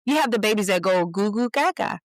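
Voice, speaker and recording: A woman's voice: mid-range voice, lively intonation, fairly quick, no echo. A woman actress, a guest who speaks expressively and swoops into playful voices in a casual chat. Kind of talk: casual conversation.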